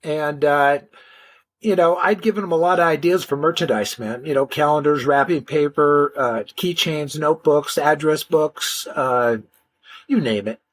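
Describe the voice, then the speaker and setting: An older man spins his stories in a loose, slangy way, often stumbling and restarting his sentences. His voice sits a little high for a man. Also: a little slow. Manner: animated, slangy, frequent restarts. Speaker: interview guest. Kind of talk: casual storytelling interview.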